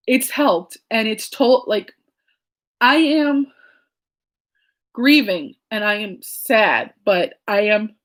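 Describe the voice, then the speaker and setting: A woman's voice: mid-range voice, a bit bright. Rambling woman in her late thirties. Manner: rambling, digressive storytelling with many fillers. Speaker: crochet and knitting vlogger. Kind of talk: casual vlog chat.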